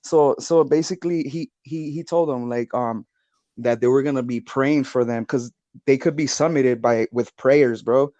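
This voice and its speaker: Male podcast co-host, mellow tone, dry sound, rambling repetitive storyteller. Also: medium pitch, normal speed, no echo, lo-fi sound. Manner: rambling, repeats words, heavy swearing. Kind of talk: casual storytelling chat.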